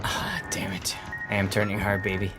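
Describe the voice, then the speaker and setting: A man's voice: lowish voice, normal speed, over loud music. A man hosting a casual gaming stream, joking, swearing and laughing as he plays. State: has the hiccups. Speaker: streamer and game host.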